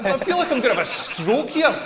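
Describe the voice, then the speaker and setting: A man's voice: extremely high pitch, sing-song, brisk, reverberant, big-room sound, crowd noise. A Scottish man in his forties doing a crude, self-mocking stand-up comedy set on a club stage, with an audience laughing. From Scotland. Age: 40s.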